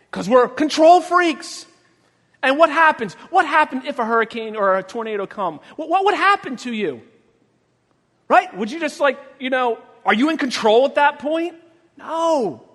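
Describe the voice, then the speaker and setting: Male pastor, very high voice, humorous sermon storytelling, long hall reverb. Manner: humorous storytelling, acting out quotes, swinging from soft to loud. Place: church sanctuary.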